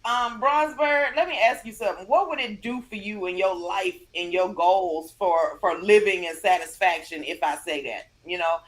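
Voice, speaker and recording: A woman's voice: mid-range voice, moderate pace, few pauses, poor audio. A woman from the South, teasing and blunt in casual panel chat. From American South.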